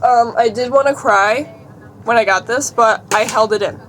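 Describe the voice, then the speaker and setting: A woman's voice: fairly high pitch, moderate pace, a bit bright, a little hiss or hum. Chatty young woman vlogging. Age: young adult. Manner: chatty, giggly, reads out a list. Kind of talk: casual vlog chat.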